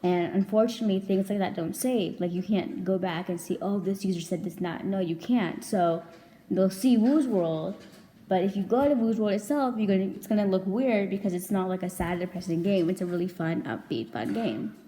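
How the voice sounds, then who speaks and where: A young woman vlogs a casual storytime in a warm, mid-range voice at a moderate pace. She's chatty and rambling, packs her speech with "like," and swears freely.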